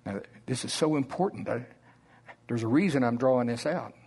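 A man preaching a sermon in a slow Oklahoma drawl, deliberate and conversational. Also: medium pitch, animated, a little mellow, slightly rough.

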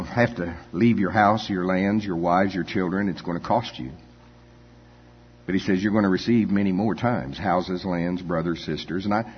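An older man preaching a folksy, conversational sermon with frequent "you know" asides and chuckles. His voice is husky. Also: low voice. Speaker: pastor. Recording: dull echoey hall.

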